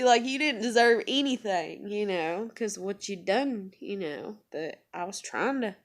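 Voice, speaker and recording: A young woman with a medium-pitched, expressive voice tells a personal story in a candid confessional vlog. She speaks unhurriedly with hardly any pauses, rambling, swearing freely, and using lots of fillers.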